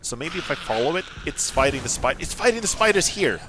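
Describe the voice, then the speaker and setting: Lively guy doing game commentary, swears a lot, pitch jumps all over, a bit high. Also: fast, background noise. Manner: excitable, bursts into laughter, swears. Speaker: streamer. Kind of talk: let's play commentary.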